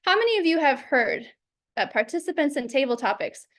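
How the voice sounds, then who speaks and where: A woman teaching public speaking over a video call, lively and acting out examples in quoted voices. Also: high-pitched, fairly quick. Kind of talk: instructional talk.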